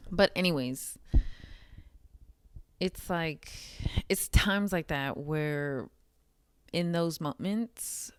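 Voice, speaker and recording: Laid-back woman vlogging, slow talker, clear smooth voice, dry close sound. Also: fairly low pitch, animated, no room sound. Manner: chatty, candid, swears, laughs often, frequent "like" fillers. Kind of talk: casual talking-head vlog.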